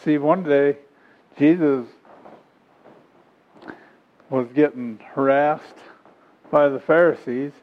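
A man's voice: a little high, slow, long pauses. Man preaching on a lo-fi recording. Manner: reads scripture then explains it in homey, chuckling asides. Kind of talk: sermon. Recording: dull lo-fi recording.

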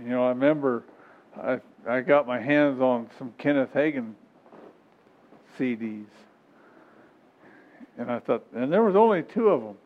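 A man's voice: medium pitch, lively intonation, a little slow, pauses often. A man preaching a sermon in a folksy, repetitive style, chuckling now and then. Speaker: pastor. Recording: tinny phone-like recording.

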